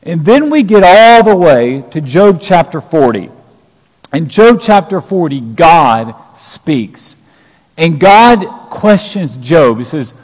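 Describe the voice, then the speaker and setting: Male preacher, slightly raised pitch, emphatic scripture retelling, long hall reverb. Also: sing-song, takes it slowly. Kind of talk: sermon.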